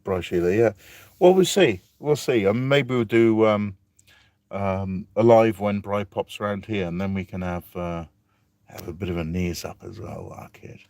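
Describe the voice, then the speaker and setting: A man's voice: on the low side, steady tone, moderate pace, a little mellow, dry recording. A man from England, chatting casually on a live stream and reading out viewer comments with self-deprecating chuckles. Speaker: vlogger reading live chat.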